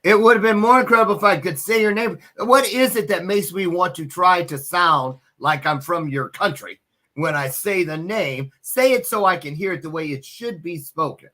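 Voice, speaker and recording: Male talk-show host, loose and jokey, bright forward tone. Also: high-pitched, normal speed. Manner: chatty, joking, many restarts. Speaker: podcast host. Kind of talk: casual interview chat.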